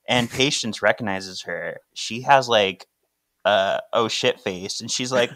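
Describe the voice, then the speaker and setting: Laughing man with a lively voice. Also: medium pitch, measured pace, dry recording. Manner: blunt, swears, laughs while complaining. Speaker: podcast guest. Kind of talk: casual chat about comics.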